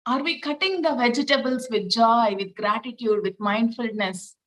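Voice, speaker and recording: A woman, leading a spiritual reflection talk through gentle, repeated rhetorical questions. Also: fairly high pitch, moderate pace, low-quality recording. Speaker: spiritual teacher.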